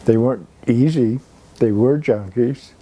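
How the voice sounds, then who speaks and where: A man's voice: mid-range voice, measured pace, dark tone. A man in his sixties from Kentucky, telling fond, gossipy stories to a live audience at an exhibition launch and calling people darling. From Kentucky, USA. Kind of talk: anecdotal storytelling talk.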